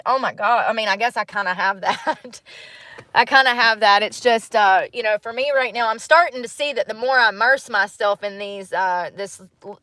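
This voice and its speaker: A woman's voice: a little high, dry recording. Chatty woman in her thirties musing aloud. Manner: musing, animated, laughs often. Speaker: vlogger. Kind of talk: casual reflective monologue.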